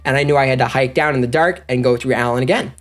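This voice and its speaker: A man telling a story as a podcast guest, animated and excitable, talking straight to the listeners. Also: medium pitch, fast. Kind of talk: casual storytelling.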